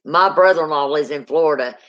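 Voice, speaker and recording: A woman with a deep Southern US accent chatting casually and folksily on a livestream, calling people honey. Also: brisk, fairly bright tone, lo-fi sound. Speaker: co-host.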